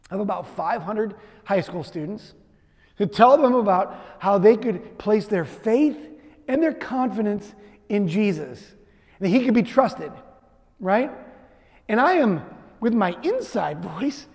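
A man preaching a sermon, telling a personal story in a lively way with frequent "right?" asides. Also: high-pitched, gravelly. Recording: echoey hall reverb.

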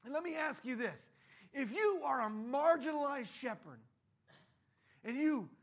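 A man's voice: very high voice, very animated, a little slow. A man preaching a sermon in a conversational way, acting out the voices of the people in his stories. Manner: conversational, acts out voices in quotes. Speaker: pastor.

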